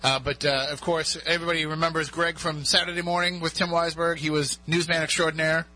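A man's voice: on the high side, level tone, fast, pushed and bright. A man with a South Coast Massachusetts accent hosting a talk radio show in a studio, chatty and upbeat. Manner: chatty, upbeat, reads phone numbers in clusters.

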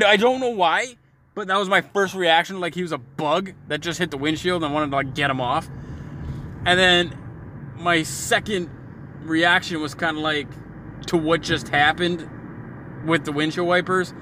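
A man's voice: a little high, noisy background. Profane, exasperated man telling a comic story. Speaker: comedian. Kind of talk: comedic storytelling monologue.

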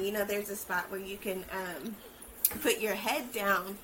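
A woman's voice: mid-range voice, steady tone, moderate pace, fairly bright tone, slight background noise, low-quality recording. A woman hosting a podcast as a mother, talking casually and encouragingly and often asking "right?". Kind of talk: casual chat.

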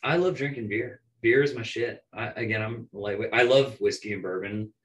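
A young man, a bartender, telling animated stories in casual chat, swearing and acting out quotes. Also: medium pitch, normal speed, low-quality recording. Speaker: bartender guest. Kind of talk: casual storytelling.

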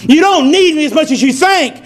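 A man preaching a sermon as pastor of his church, building to shouts and drawing call-and-response. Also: very high-pitched, animated, fairly quick. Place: church sanctuary.

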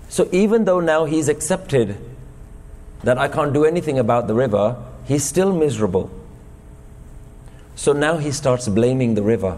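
A man's voice: mid-range voice, lively intonation, normal speed, pauses often, a little mellow, long reverb tail. A man giving a sermon at a gurdwara, telling a parable and posing rhetorical questions to the congregation. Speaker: speaker at a Sikh gurdwara. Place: gurdwara hall.

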